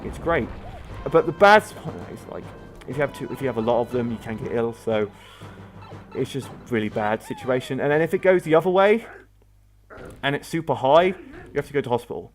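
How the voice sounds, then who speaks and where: A young adult man hosting a gaming video chats through rambling, casual let's-play commentary as he plays, telling stories with lots of fillers. His medium-pitched voice is expressive and fairly quick, with soft background music.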